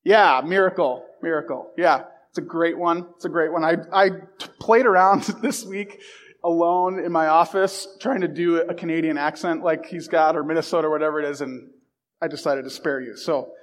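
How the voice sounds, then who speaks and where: A man with a noticeably high voice talks to a roomful of listeners in an easygoing, chatty way. He pokes fun at himself and trips over his own starts, then keeps rolling. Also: steady tone, moderate pace. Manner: chatty and self-deprecating, with many restarts. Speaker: speaker addressing a group. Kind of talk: casual talk to a live audience. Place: room with a live audience.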